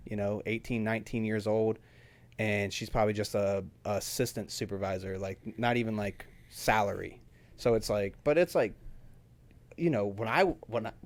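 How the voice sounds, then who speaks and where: A young man hosting a podcast, telling a story in a casual, animated way and acting out what other people said. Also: on the low side. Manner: animated storytelling, acts out quotes, says dude and bro. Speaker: podcast host.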